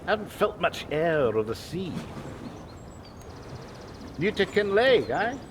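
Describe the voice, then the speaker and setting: A man's voice: sits high, big pitch swings, slow pace, heavily acted. Alistair, a wry Scottish fisherman. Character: wry, grumbling male Scottish fisherman and harbour master. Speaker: harbour master in a game. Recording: game audio with clear background noise.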